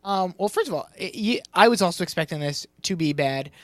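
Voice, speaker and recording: Brief: young male podcast host, high-pitched, dry close mic, rambly and chatty. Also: animated, no echo. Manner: chatty, quick to laugh, rambling restarts. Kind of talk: casual recap chat.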